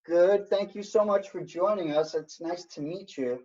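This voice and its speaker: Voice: medium pitch, normal speed, warm tone. Online workshop instructor, encouraging, patient step-by-step explaining, muffled video call sound. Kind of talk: online science workshop teaching. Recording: dull lo-fi video call audio.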